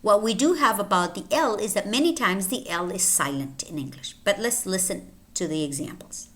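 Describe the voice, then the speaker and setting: A woman teaching English pronunciation, saying each example word slowly and clearly, often twice. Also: mid-range voice, animated. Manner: slow, deliberate, repeating each word twice. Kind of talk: phonetics lesson with word drills.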